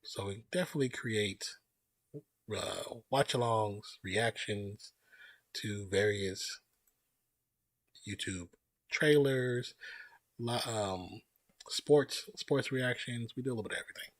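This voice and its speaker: A man hosts a live stream in a low-ish voice, speaking slowly with long pauses and no echo. He chats loosely in a relaxed, rambling way, greeting viewers by name as they join. It's casual live stream talk.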